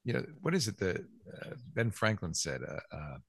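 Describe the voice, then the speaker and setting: A man's voice: on the low side, big pitch swings, moderate pace, no echo. A man hosting a casual tech news chat, reading out news quotes with jokey asides. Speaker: podcast host.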